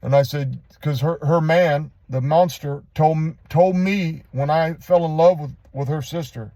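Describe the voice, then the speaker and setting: A man giving a rambling, halting personal testimony, earnest and confessional, with many restarts. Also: fairly high pitch, warm tone, dry recording.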